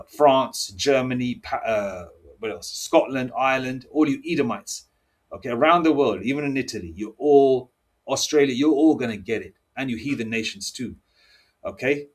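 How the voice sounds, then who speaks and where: Speaking at a medium pitch with a breathy edge, a man delivers an angry sermon and reads from scripture. He is a religious teacher who argues combatively, repeatedly asking "all right?" and "okay?".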